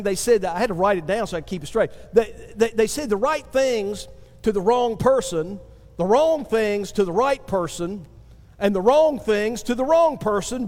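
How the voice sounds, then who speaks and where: A man preaches, speaking slowly and deliberately, rising to emphatic swells. His voice rings with the long reverb of a church hall. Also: high voice, a little mellow. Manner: preaching with emphatic swells and slow drawn-out phrases. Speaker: pastor. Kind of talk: sermon.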